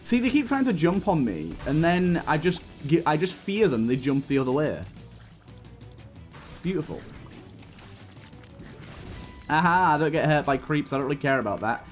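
A man's voice: on the high side, very animated, moderate pace, long pauses, faint music behind. A man giving casual, rambling gameplay commentary as a YouTuber, laughing often and restarting his sentences, with hiccups. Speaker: gaming YouTuber.

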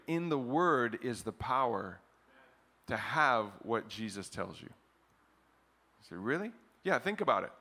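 A middle-aged man preaching a sermon as pastor to his congregation, animated, often chuckling, with his voice jumping up for emphasis. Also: medium pitch. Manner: chants a scripture refrain slowly, leading the congregation. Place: church service in front of a congregation.

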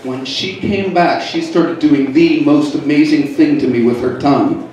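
A middle-aged man doing a stand-up comedy set, deadpan and teasing the crowd. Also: fairly high pitch, normal speed, muffled recording. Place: comedy club in a hotel. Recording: echoey club from far off. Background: audience laughing.

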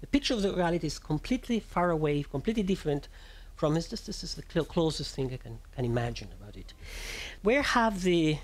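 A man from Italy with an Italian accent, giving a public lecture on physics and often pausing to search for words. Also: fairly high pitch, big pitch swings. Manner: thoughtful, searching for words, with restarts and fillers.

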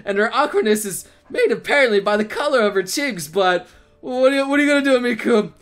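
A man giving excitable let's play commentary, laughing and swearing through his reactions. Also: very high-pitched, brisk. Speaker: gaming channel host.

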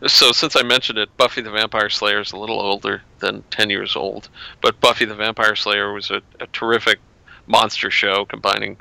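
Gravelly bright-voiced man, dry sound. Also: lowish voice, little pitch movement, normal speed, no room sound, low-quality recording. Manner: rambling, restarts often. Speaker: guest author. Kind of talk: casual chat.

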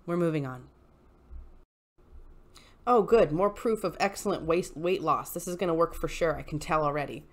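A woman hosting a casual commentary vlog, reading posts aloud and reacting with animated, exasperated ranting. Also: low-pitched, normal speed, pauses often. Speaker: YouTube host reading posts.

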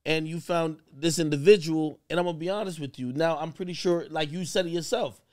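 A man hosting a talk show, animated and storytelling in casual chat. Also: on the high side, brisk. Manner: animated, loud outbursts, storytelling. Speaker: host.

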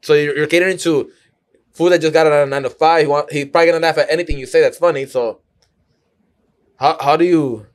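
Podcast co-host, male, fairly high voice, slangy, rambling questions. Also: fairly even intonation, quick pace, pauses often. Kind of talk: casual chat.

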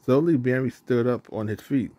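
A man reading a children's storybook aloud in a plain, even narrating manner, with the odd stumble. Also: mid-range voice, normal speed.

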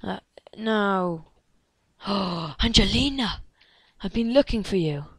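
A woman giving let's play commentary, excitable and gasping, chattering at game characters and dropping into hushed whispers. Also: medium pitch, slow pace, slightly rough, dry recording. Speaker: gamer.

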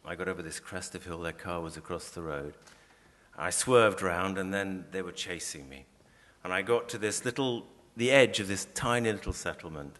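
Deep-voiced Englishman telling a story. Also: fairly bright tone, long reverb tail. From England. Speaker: author giving a talk. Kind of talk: storytelling and reading aloud.

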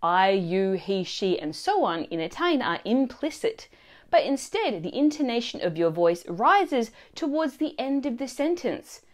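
Lively high-voiced woman teaching. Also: a little slow. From Australia. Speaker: language teacher. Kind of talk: scripted lesson narration.

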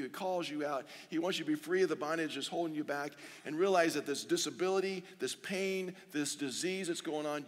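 A man preaching in a large church auditorium, his fairly high voice trailing into a long hall reverb. He is earnest and slows down to read scripture aloud, repeating pleading lines for emphasis. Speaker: pastor. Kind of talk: sermon.

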